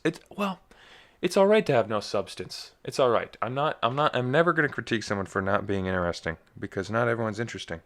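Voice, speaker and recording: A man's voice: on the low side, fairly bright tone. A young man hosting a casual solo podcast, rambling and joking, often stumbling and correcting himself. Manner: rambling, self-correcting, jokey. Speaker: podcast host.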